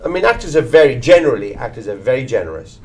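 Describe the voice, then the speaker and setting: A middle-aged Irish actor being interviewed, talking bluntly and swearing casually as he tells animated stories. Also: mid-range voice, rapid-fire, slightly rough. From Ireland. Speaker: actor, guest. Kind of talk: candid conversational interview.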